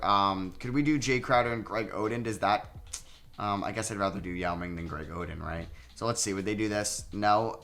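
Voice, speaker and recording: A young man giving casual commentary over a basketball video game, recapping scores and getting loudly frustrated at his own play. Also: fairly low pitch. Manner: excitable, self-deprecating, swings between flat recaps and loud outbursts. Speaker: gaming YouTuber.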